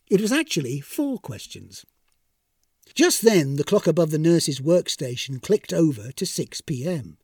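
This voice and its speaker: Wry, lively male storyteller. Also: on the high side, measured pace, husky, dry recording, clean studio sound. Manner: wry, expressive comic narration. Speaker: narrator. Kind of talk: storybook reading.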